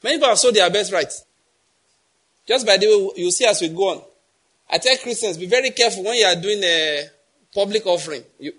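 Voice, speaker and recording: A man's voice: on the high side, a bit bright, slightly rough. A middle-aged man with a Nigerian accent preaching a sermon, emphatic and quizzing the congregation with repeated questions. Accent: Nigerian English. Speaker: pastor.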